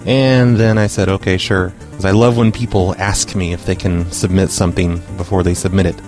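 Brash profane prank-call radio host. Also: male voice, low voice, little pitch movement, brisk, over music. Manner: brash, profane, mock-official on calls. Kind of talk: casual radio talk and prank calling.

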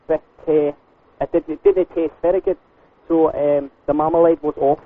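A man's voice: on the high side, fairly even intonation, normal speed, gravelly. A man putting on a stammering fake-Scottish caller. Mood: complaining. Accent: put-on Scottish. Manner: rambling, stammering with fillers. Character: bumbling Scottish male caller complaining about marmalade. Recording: tinny phone line.

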